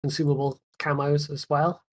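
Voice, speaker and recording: A man's voice: a little high, little pitch movement, normal speed. Casting: male podcast host, easygoing, talkative, laughs a lot, lets sentences trail away. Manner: chatty, laughs often, trails off. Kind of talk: casual gaming chat.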